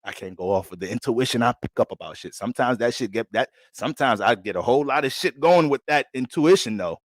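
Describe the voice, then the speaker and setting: A man's voice: mid-range voice, animated, fast talker, dry recording, studio quality. A man giving an astrology forecast in a casual, blunt and profane way. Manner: blunt, streetwise and heavy on profanity. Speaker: astrologer giving a sign reading.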